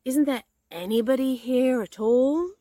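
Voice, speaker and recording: A woman's voice: on the high side, sing-song, measured pace, warm tone, no room sound, pitched above the performer's own voice, heavily acted. A woman voicing a friendly, hungry, simple-minded male bear in a storybook reading, earnest and polite. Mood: eager.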